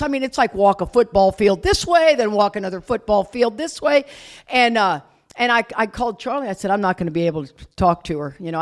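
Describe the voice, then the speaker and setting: Candid woman telling an AA story. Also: fairly low pitch. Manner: candid storytelling with mild swearing. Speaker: AA speaker. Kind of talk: recovery meeting talk. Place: retreat meeting room.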